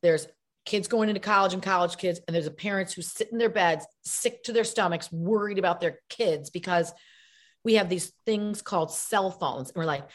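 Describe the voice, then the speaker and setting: A woman's voice: fairly low pitch, moderate pace. A middle-aged woman, an actress and comedian, chatting as an interview guest and acting out quotes in voices. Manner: animated storyteller, acts out quotes in voices.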